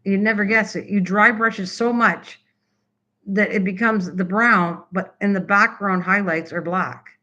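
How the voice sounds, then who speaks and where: An older woman from Canada hosts a homey craft live stream, talking in a loose, rambling way as she reacts to viewers' messages. Her voice is bright and forward. The sound is dull and lo-fi, like a basic home setup. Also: mid-range voice, fairly even intonation, a little slow. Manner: rambling, chatty, answers typed comments.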